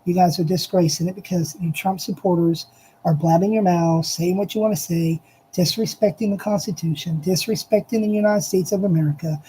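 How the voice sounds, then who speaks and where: Over poor audio with slight background noise, a political commentator gives an intense, repetitive monologue, talking right to listeners and emphasizing each point hard. The voice is medium-pitched and mellow.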